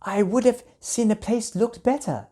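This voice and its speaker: A woman voicing a graceful, gentle dragon queen who speaks softly in a storybook reading. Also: on the high side, normal speed, husky, pitched above the performer's own voice. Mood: gracious.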